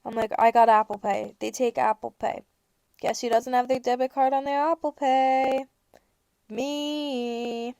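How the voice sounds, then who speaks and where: Young woman, podcast host, high voice, vocal fry, casual sarcastic storytelling, dry close sound. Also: measured pace, no echo. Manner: animated storytelling, sarcastic rants, acts out dialogue. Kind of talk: casual chat.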